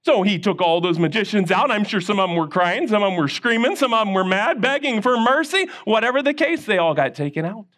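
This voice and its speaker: A man giving a children's sermon, telling a Bible story with animated call-and-response to the kids. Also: high voice, a little fast, hardly any pauses. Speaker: children's minister.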